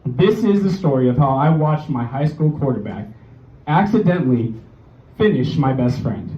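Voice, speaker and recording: A man's voice: medium pitch, big pitch swings, normal speed. A man in his twenties doing a stand-up set, telling a profane story loosely and laughing at his own jokes. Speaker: stand-up comedian. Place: small bar stage. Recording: roomy, distant, dull live club recording. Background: crowd reactions.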